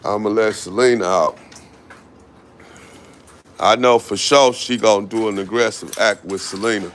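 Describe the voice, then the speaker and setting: In an outdoor yard, a dog owner who vlogs explains dog training casually, calling out commands to his dogs. His lowish voice is slow and relaxed, with slight background noise.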